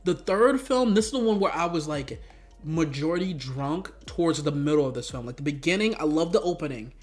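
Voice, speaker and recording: Animated profane young man reviewing films. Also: a little fast. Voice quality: profane, animated, slangy, jumps to high-pitched outbursts. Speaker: YouTube movie reviewer. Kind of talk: casual rambling review.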